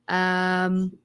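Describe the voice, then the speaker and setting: A woman co-hosting a live stream, talking at an unhurried pace. Her voice is a little raspy and hoarse, still on the mend. She reads out viewer greetings in an easygoing, friendly chat. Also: fairly low pitch. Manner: reads chat names aloud with repeated greetings and laughs. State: hoarse, voice just recovering. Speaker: podcast co-host.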